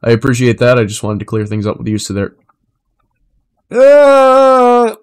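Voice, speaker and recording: A man's voice: lowish voice, fast. Rambling, profane young male streamer. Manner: rambling and profane, shifting between flat and animated delivery. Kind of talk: casual live-stream chat.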